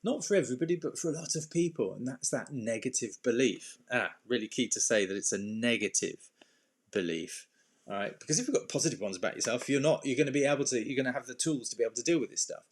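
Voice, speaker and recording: A man talking casually as an anxiety coach, his voice sitting at an ordinary middle pitch. He rambles through restarts and fillers in an informal way, with the odd sudden, playful burst. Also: lively intonation, fast. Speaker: anxiety and self-esteem coach. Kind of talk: casual talk to camera with slides.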